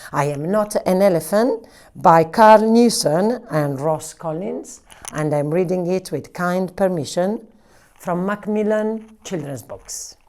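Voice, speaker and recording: Slow, sing-song woman reading to children. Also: on the low side, lively intonation, mellow. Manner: slow, encouraging, sing-song with young listeners. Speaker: library storyteller. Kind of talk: children's story time reading.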